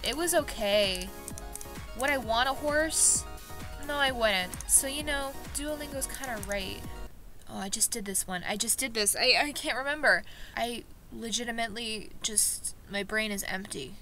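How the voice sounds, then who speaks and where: A woman vlogging in a casual commentary style, excitable and self-mocking, reacting quickly as she plays. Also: on the high side. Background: background music.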